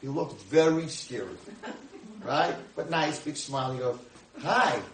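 Rabbi in his 60s cracking jokes thru his stories, lively up and down voice, echoey room, sounds far from the mic. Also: medium pitch, unhurried, a little hiss or hum. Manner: animated, jokey storyteller acting out dialogue. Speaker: rabbi and speaker. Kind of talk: humorous storytelling lecture.

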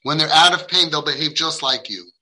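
Bright-voiced man lecturing parents. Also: on the high side, a little fast, low-quality recording. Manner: emphatic, acts out quoted dialogue; uses Hebrew and Yiddish religious terms. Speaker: parenting guide addressing parents.

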